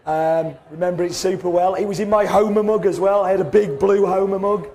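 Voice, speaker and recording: A man with a hoarse, fading voice, telling stories in a casual, self-mocking way as a podcast host. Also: sits high, steady tone, brisk, darkish tone. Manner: chatty, self-mocking storyteller, acts out quotes. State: hoarse, voice going. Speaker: podcast host and coffee roaster. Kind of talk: casual chat.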